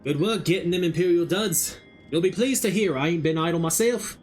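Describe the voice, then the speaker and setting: A sly, rough-spoken rogue , as a man puts him on, drawling folksy talk with dropped endings. His pitch climbs above his usual and swings widely as he lays out his scheme. Faint game music plays underneath. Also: expressive, normal speed, darkish tone. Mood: scheming. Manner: folksy dropped-g drawl, put-on rustic accent.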